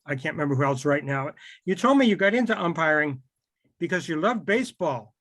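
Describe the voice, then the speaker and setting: A man's voice: fairly high pitch, lively intonation, fairly quick, fairly bright tone. Man interviewing over a video call. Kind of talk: conversational interview.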